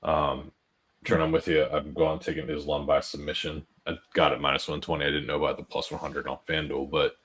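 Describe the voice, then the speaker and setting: A man co-hosting a sports betting podcast, relaxed in casual chat, sharing stats and fun facts. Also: extremely low pitch, fairly quick. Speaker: podcast co-host.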